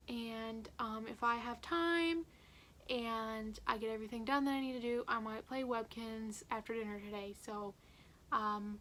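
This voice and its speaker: Teen girl vlogger, rambling, lots of fillers, slightly high voice, phone mic at home. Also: fairly bright tone, slight background noise. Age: late teens. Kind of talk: candid diary vlog. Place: at home, indoors. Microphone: phone camera.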